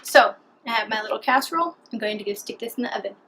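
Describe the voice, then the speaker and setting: A woman's voice: on the high side, expressive, quick pace, over loud music, poor audio. A woman talking chattily and cheerfully through a home cooking vlog in her kitchen. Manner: chatty, upbeat, talks while eating. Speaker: cooking vlogger.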